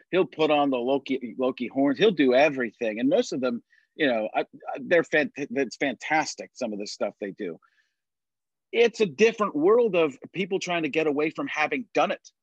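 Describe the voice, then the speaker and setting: A man chatting casually on a podcast, telling animated stories and slipping into quick impressions. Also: mid-range voice, slightly rough, dry recording, highs cut off. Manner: animated storyteller, drops into impressions. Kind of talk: casual chat.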